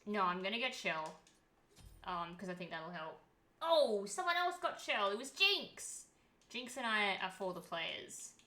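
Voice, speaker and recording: A woman's voice: mid-range voice, expressive, measured pace, sharp tone. A young woman streaming a game, chatting in a rambling way and swearing freely. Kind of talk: casual chat while gaming.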